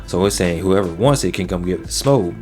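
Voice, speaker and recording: A man's voice: low-pitched, brisk, darkish tone, faint music behind. A man hosting his own channel, giving a casual, slangy recap of a wrestling show. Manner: laid-back and slangy, often drops "man" and "yo".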